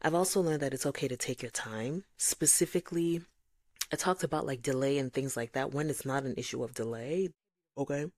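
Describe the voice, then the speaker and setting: A woman's voice: a bass voice, fairly quick, dry recording. A woman from Nigeria hosting a faith-based podcast, talking reflectively and acting out voices of others. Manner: animated, acts out voices of God and others. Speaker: podcast host.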